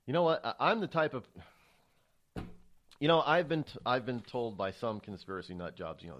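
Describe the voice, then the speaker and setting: A man's voice: medium pitch, very animated, brisk, fairly bright tone. A man hosting a political talk radio show, rambling and stammering through a monologue with many restarts.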